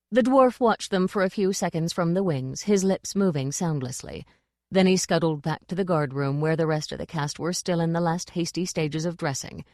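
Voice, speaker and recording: A woman reads a novel aloud in a measured, expressive manner. Her voice sits fairly low, and the recording is dry and close. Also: no echo. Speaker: audiobook narrator. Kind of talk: scripted narration.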